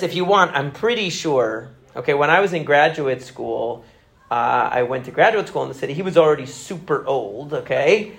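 Chatty man explaining psychology, slightly high voice. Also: reverberant. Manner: chatty, many fillers, rambling asides. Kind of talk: casual conversational explanation.

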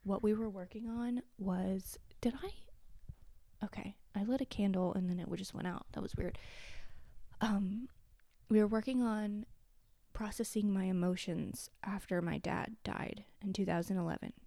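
Solo podcast host, woman in her thirties, tearful, swears freely, mellow tone, dry close sound. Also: mid-range voice, steady tone, normal speed, dry recording. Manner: candid, blunt, swears freely. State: tearful, sniffling. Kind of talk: confessional solo podcast talk.

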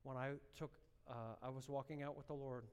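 A man preaching a sermon, telling a personal story with strong emotion and building to fervent, loud exhortation. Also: medium pitch, fairly even intonation, a little fast, clear, resonant tone, big-room sound. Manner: emotional storytelling, rising to impassioned shouting.

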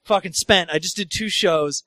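A comedian hosting a podcast, telling road stories in casual chat, acting out voices, laughing often and swearing freely. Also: male voice, high-pitched, normal speed, sharp tone, no echo. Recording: dry close mic.

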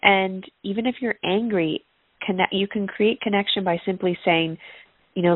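A woman's voice: medium pitch, moderate pace, dry recording. A woman coaching parents talks through ideas in an earnest, reflective way. Her voice comes over a tinny phone-like line. The sound is close and dry. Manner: earnest, reflective, uses personal examples. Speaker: parenting coach and podcaster, guest. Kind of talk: conversational interview answers.

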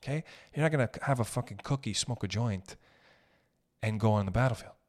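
A man's voice: on the low side, brisk, darkish tone. A young man hosting a podcast, ranting casually with profanity and jokey asides. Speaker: podcast host. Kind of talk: casual comedic podcast rant.

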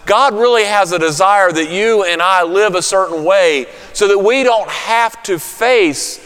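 A man preaching a sermon, telling a story, then softening to a hushed, soothing voice. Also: high-pitched, a little slow, smooth, long reverb tail. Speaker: pastor.

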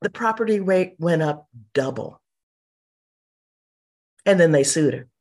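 Animated middle-aged woman telling stories. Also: deep voice, measured pace. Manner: animated, mimics people in quotes. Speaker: interview guest. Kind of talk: casual storytelling interview.

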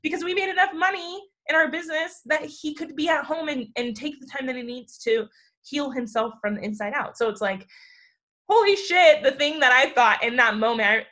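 Casting: woman host, bright and a bit high, effusive, swears, gets teary. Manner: effusive, swearing, quick to cry. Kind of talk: casual podcast chat.

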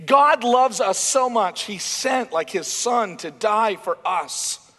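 A man preaching a sermon in a church hall, animated and emphatic, acting out bits of dialogue. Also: sits high, slow pace. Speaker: pastor.

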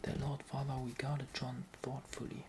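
A narrator softly whispering a fantasy novel aloud in whispered role-play, slow and even. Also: mid-range voice, background noise.

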